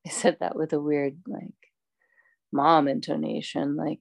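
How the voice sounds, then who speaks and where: A woman teaching a yoga class, calmly cueing poses and breaths with chatty asides. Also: sits low, a little slow, gravelly, no echo. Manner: calm, instructive, chatty asides.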